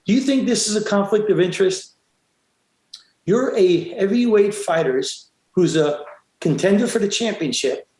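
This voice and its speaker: Man, boxing referee guest, high voice, emphatic storyteller, echoey room. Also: expressive, normal speed, darkish tone. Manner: emphatic, acts out quotes, frequent restarts. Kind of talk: animated storytelling in an interview.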